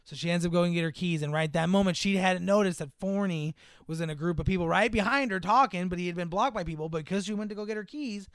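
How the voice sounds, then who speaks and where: A young man with a notably high, smooth voice chats casually about a film he has watched. He rambles through the plot with constant fillers and slips into the characters' lines as he goes. The sound is dry and close, with no room around it. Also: fast, a bit bright, no echo. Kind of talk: casual movie recap chat.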